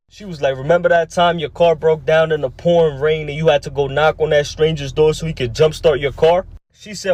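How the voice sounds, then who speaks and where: A man with a fairly high voice tells a joke as a first-person story. His delivery is deadpan and steady. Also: fairly quick.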